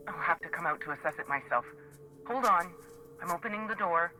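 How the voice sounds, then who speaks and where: An actress voicing a frightened young woman shut behind a locked door in a video game, anxious and talking herself calm. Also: lowish voice, a little fast, soft background music.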